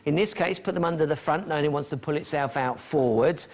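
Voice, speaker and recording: Speaking fast in a slightly high voice, a man runs a live TV sales pitch on a shopping channel, chatting as he counts down prices. The sound is dull lo-fi broadcast quality, backed by music.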